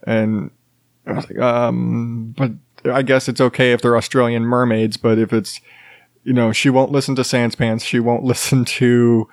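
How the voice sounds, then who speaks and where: A man hosting a podcast on his own, in a rambling and casual chat. He stops and restarts often, drops in fillers and chuckles, and his voice sits at a middling pitch. The sound is close and dry, with no room echo at all. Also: level tone, normal speed. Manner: chuckles while talking. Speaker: podcast host. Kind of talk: solo casual monologue.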